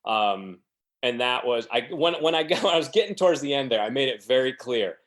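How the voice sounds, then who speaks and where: A man's voice: mid-range voice, animated, brisk, fairly bright tone. A man telling rambling, self-deprecating stories as a podcast guest, acting out the quotes of other people. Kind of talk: casual storytelling.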